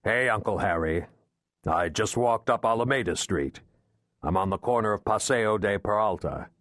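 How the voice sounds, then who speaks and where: A man's voice: fairly low pitch, expressive, normal speed, a bit bright, dry recording, studio quality. A man voicing a Russian hitman who fakes casual, friendly American small talk. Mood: casual cover.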